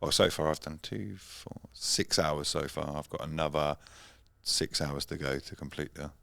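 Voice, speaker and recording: Deep-voiced man in casual podcast chat. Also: moderate pace, vocal fry, fairly bright tone, dry recording. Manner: earnest and jokey, restarts often. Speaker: podcast co-host.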